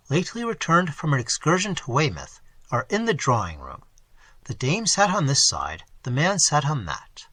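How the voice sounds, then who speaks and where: A man narrating a classic novel as an audiobook reader, with an expressive, wry delivery. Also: fairly high pitch, breathy edge, dry recording.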